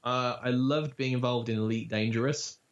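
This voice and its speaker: A man's voice: medium pitch, normal speed. Lo-fi chatty voice actor, man. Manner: animated storyteller, breaks into demo voices. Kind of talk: casual interview chat. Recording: dull lo-fi audio.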